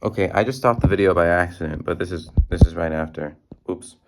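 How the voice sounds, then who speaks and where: A man's voice: low-pitched, brisk, noisy background. A young man, a music student, giving a class presentation on a song, hesitant and full of ums and restarts, recorded on a phone. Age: young adult.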